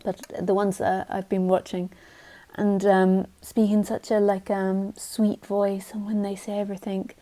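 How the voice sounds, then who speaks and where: A woman's voice: mid-range voice, monotone, a little slow, dark tone. A woman spiritual teacher giving a live talk, blunt and direct, sometimes mocking the mind in silly voices.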